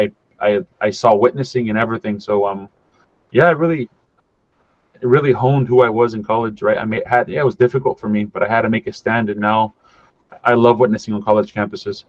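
A man from California, a podcast guest sharing his faith testimony as a lively story, acting out the voices of the people in it and dropping in casual words like "dude" and "man.". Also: on the low side, fairly quick, dry recording. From California, USA. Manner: animated storyteller who acts out quoted dialogue, casual with "dude" and "man". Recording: dull dry podcast audio.

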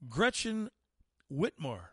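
A man's voice: a little high, huge pitch swings, takes it slowly, pushed and bright, slightly rough, dry recording. A man hosting a talk radio show, ranting in an indignant, sarcastic monologue into a studio microphone.

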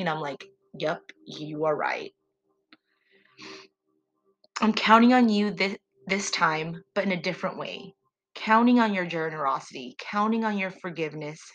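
A woman talks alone on her faith podcast in a slightly low voice. She speaks earnestly and prayerfully, heartfelt and sincere, as she addresses her listeners. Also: fairly bright tone, dull audio. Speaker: podcast host. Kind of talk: solo faith podcast monologue.

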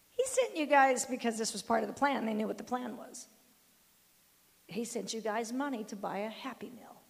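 Gravelly older woman preaching with reverb. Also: a little high. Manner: emphatic, firm, quotes scripture and acts out dialogue. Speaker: grandmother giving a devotional talk. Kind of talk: sermon-like storytelling devotional.

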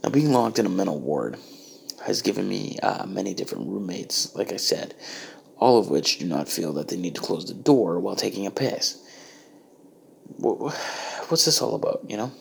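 A man's voice: low-pitched, animated, normal speed, creaky, slight background noise. A man delivering a profane, exasperated comedic rant. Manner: ranting, exasperated, heavy swearing.

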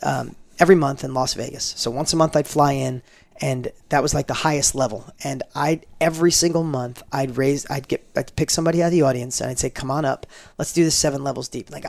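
Telling his own stories as a guest on a casual podcast, this middle-aged man gets animated, voices the quoted lines, and frequently starts over. He speaks at medium pitch, fairly fast, with a creaky quality on a dry recording.

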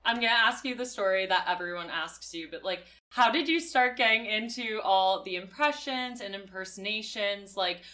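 A woman's voice: medium pitch, normal speed, few pauses, bright, forceful tone. A woman interviewing a guest in a casual, chatty way, asking long, rambling questions.

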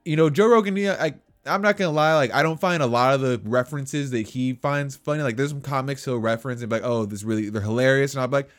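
A man's voice: mid-range voice, fast, hardly any pauses, soft background music. A man co-hosting a casual podcast chat, rambling with lots of fillers and restarts. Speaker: podcast co-host.

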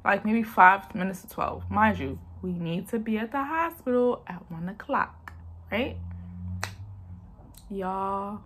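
A woman's voice: mid-range voice, takes it slowly, a bit bright, a little hiss or hum. A young woman, chatting to viewers in a storytime vlog and acting out the quotes. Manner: chatty, addresses viewers as y'all, acts out quotes. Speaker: vlogger telling a story. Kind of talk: casual storytime chat.

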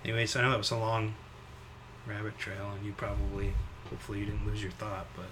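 A man hosting a casual podcast, talking in long rambling stretches full of fillers and breaking into animated impressions. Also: lowish voice, quick pace, background noise. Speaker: podcast host.

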